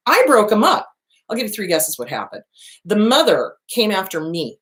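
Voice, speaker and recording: A middle-aged woman hosting a show, talking in a blunt and animated way with a lot of swearing, like a casual monologue. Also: fairly low pitch, moderate pace. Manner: blunt, profane, animated storytelling. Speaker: host.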